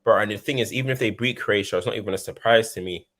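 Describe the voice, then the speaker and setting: A man's voice: on the low side, very fast, a bit bright. A man co-hosting a casual football chat, laid-back and slangy, pressing his points with asides. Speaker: football pundit co-host.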